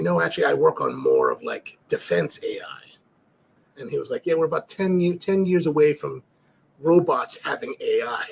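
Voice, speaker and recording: A middle-aged man hosts a cigar livestream, chatting casually, reading viewer comments and rambling through stories full of restarts and fillers. His voice is fairly high and creaky, with slight background noise.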